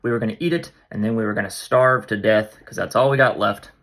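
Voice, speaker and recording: A man voicing a poor widow as blunt and dramatic, in his own low voice. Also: fast, a bit bright. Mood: glum.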